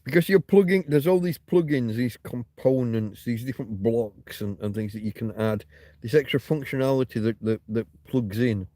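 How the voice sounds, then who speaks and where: A man hosting a loose, rambling livestream and chatting to his viewers. He rants and swears freely and trips over restarts and repeated words. His voice is dark and mellow, recorded close in a dry, dead-sounding room. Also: mid-range voice, normal speed, no echo. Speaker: livestream host. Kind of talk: casual rambling livestream chat, reading viewer comments.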